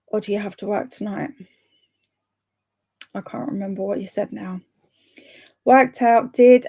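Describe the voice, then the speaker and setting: A woman's voice: a little high, warm tone. A woman hosting a reading livestream, chatting casually, reading viewer comments aloud and encouraging them with frequent small laughs. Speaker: livestream host of reading sprints.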